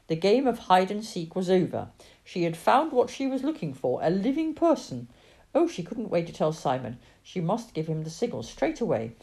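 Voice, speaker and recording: A woman reading a children's story aloud in an expressive, dramatic way. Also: mid-range voice. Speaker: narrator.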